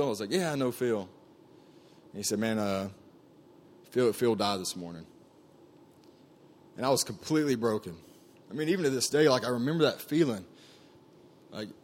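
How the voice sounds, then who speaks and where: A man telling his personal testimony to a group in an earnest, conversational way, with frequent fillers and restarts. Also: mid-range voice. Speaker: camp staff speaker sharing his testimony.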